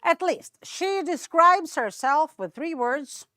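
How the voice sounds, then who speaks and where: High, lively woman host. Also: slow pace, no echo. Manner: cheerful, chatty, jokes about herself. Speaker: event host. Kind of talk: introducing comedians.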